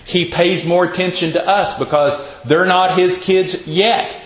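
A man's voice: high voice, fairly even intonation, unhurried. A man preaching a casual sermon, telling folksy stories and quizzing his listeners. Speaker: pastor. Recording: echoey, muffled room recording.

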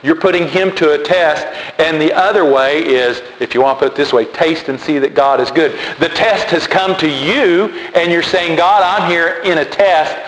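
A man preaching a sermon, animated and emphatic, repeating key words. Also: a little high, normal speed, hardly any pauses. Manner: animated, repetitive emphatic delivery. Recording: echoey hall with faint noise.

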